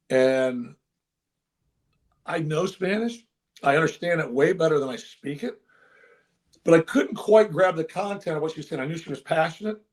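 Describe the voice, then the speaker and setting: An older man, a former baseball manager, telling an emotional story in an interview with earnest, animated delivery. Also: fairly high pitch. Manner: earnest, animated, with frequent restarts.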